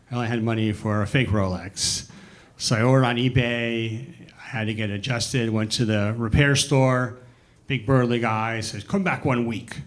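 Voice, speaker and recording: An older man works through his set at an open mic, speaking in halting bursts full of fillers. His voice sits at a middling pitch, and he chuckles at his own punchlines. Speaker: stand-up comic.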